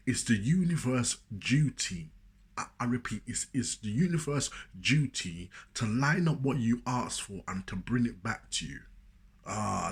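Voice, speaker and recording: A man's voice: medium pitch, breathy edge. A man talking casually and preachily to camera, rambling and often repeating himself. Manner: rambling, repeats "you know what I'm saying"; preachy, emphatic. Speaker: motivational speaker. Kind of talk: casual spoken monologue.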